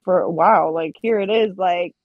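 A woman's voice: fairly low pitch, moderate pace, no room sound, narrow, tinny audio. A young woman guest on a casual podcast, talking candidly with lots of "like" and casual swearing.

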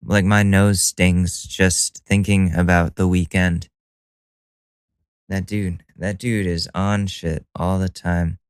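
A man's voice: low voice, little pitch movement, slow, smooth, no echo. A man hosting a solo podcast in a casual monologue. He is profane and sardonic and laughs at his own jokes. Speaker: podcast host.

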